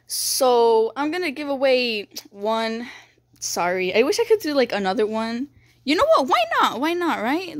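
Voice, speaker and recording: High, gushing young woman gamer. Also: no room sound, clean studio sound. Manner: gushing and excitable, gasping, repeating "dude" and "bro". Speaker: gaming video creator. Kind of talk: excited game walkthrough commentary.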